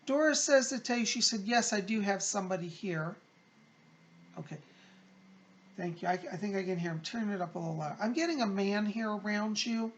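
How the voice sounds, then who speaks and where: A man working as a psychic medium, reading viewer letters aloud and passing on spirit messages in a gentle, consoling, chatty way. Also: high-pitched, brisk, slight background noise. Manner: gentle, consoling, chatty, calls listeners "hon".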